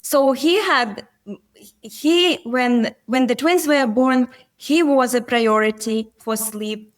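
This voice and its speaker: A woman's voice: fairly high pitch, takes it slowly. A middle-aged woman, a physician and coach, telling stories earnestly in a podcast interview. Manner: earnest, storytelling, occasional grammar slips.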